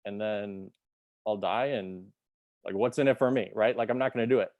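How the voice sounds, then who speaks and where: A man's voice: fairly low pitch, moderate pace, darkish tone, dry recording, lightly acted. A man voicing a wary male turtle in a fable he tells, in a casual, skeptical way.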